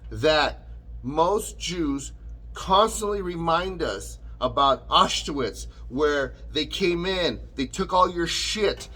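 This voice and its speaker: A man's voice: a little high, sharp tone, breathy edge, poor audio. A man delivering an angry, profane rant as an online commentator, combative and sarcastic, talking straight at the person he attacks. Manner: combative, sarcastic, addresses his target directly.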